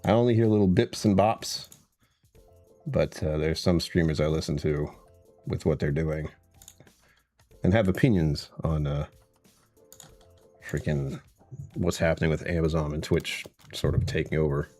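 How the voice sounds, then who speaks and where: A man with a very deep voice chats loosely through his own live stream, wandering between topics and chuckling often. He greets viewers one by one from his computer at home, with soft music playing behind him. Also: unhurried, pauses often. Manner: rambling, chuckles often, greets chat by name. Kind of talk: casual livestream chat.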